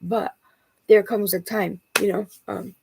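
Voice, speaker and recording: A woman's voice: medium pitch, fairly even intonation, a little slow, gravelly, noisy background. A woman in her forties talking straight to the camera in a rambling, emotional personal vlog, often restarting her sentences as she vents. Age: 40s. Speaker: vlogger.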